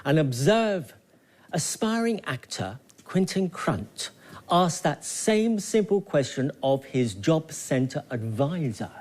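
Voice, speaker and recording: Brief: a man as a slow, florid, sneering drama tutor. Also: on the high side, sing-song, a little mellow, full character voice. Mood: lecturing. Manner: theatrical, scornful, declaiming. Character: pompous male acting coach. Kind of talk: comedy sketch character.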